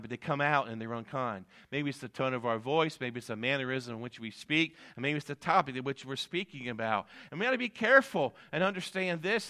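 A middle-aged male pastor preaching a sermon, building to emphatic peaks and dropping low for asides, with repeated "amen" and "guess what". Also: bright, forceful tone, smooth.

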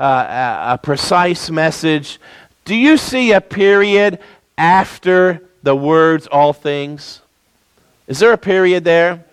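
A man preaching a sermon, swinging between loud emphatic peaks and low, quiet stretches, calling for amens. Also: clean tone, no echo. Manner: call-and-response preaching, rising and falling emphatically.

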